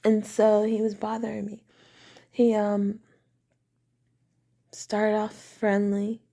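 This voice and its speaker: Woman, casual storytelling vlog, meandering speech, gravelly fry, home bedroom. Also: mid-range voice, completely flat delivery, takes it slowly, dark tone. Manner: rambling, meandering, with frequent restarts. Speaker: vlogger.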